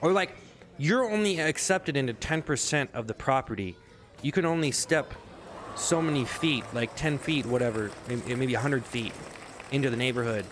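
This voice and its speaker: A man vents in a loose, sarcastic comedic rant, full of restarts and swearing. His voice sits at an ordinary middle pitch. A faint hum of outdoor traffic runs underneath. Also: lively intonation, moderate pace, fairly bright tone. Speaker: vlogger. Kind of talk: rambling comedic commentary.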